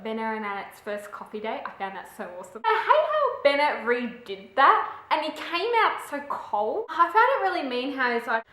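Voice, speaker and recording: A woman's voice: sits high, big pitch swings, normal speed, few pauses, fairly bright tone. A young woman, chatting in a gushing way as she reviews a book for her vlog. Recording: echoey room.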